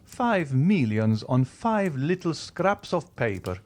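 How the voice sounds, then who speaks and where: Male reader doing a suave, ironic rich count, pitched up, polished mockery. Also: very animated, takes it slowly, darkish tone. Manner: smooth, mocking courtesy. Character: wealthy, suave, coolly ironic male nobleman. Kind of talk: audiobook character reading.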